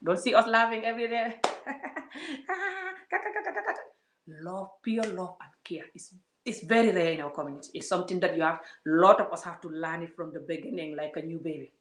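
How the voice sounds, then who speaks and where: A vlogger from Gambia delivers an emphatic, preachy monologue packed with repeated words and rhetorical questions. Her voice sits on the low side and she talks fast, with a roomy echo in the recording.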